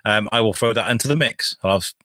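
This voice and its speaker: A man hosting a casual podcast conversation, relaxed and laughing, with many fillers. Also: lowish voice, quick pace, no echo. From United Kingdom. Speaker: podcast host. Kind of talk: casual chat.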